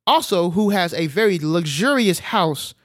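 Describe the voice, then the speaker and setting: A man casually retelling a film's plot as a podcast co-host, animated and full of filler sounds. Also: sits high, moderate pace, no echo, studio quality. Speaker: podcast co-host recapping a film. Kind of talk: casual film recap chat.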